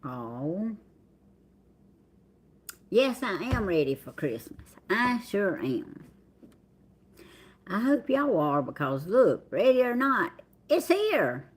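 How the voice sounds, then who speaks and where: Mid-range in pitch and sing-song, her breathy voice moves slowly with frequent pauses. The middle-aged livestream host, who has a Southern American accent, chats casually with viewers and reads their names out in a drawl.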